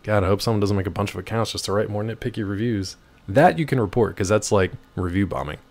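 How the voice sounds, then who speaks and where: A male livestream host chatting casually from home, playful and animated, jumping between high and low pitch. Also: fast. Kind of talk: casual chat while gaming.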